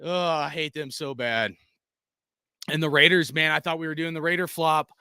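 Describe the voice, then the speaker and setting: Man, fan channel host, live-stream rant from home, profane, excitable, rambling, high bright voice, dry close sound. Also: moderate pace, smooth, no room sound.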